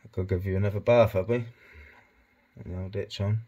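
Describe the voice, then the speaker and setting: A man talking softly and coaxingly to his pet hedgehog in a casual vlog. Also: steady tone, fairly quick. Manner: soft, coaxing, low-key murmuring to his hedgehog. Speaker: pet keeper vlogger.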